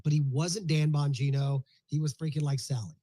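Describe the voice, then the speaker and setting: A man's voice: a little high, fairly even intonation, moderate pace, warm tone, rough recording. A man co-hosting a live online audio discussion, who talks casually and explains his points with acted-out examples. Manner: conversational, explains with examples and acts out his own lines. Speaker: co-host.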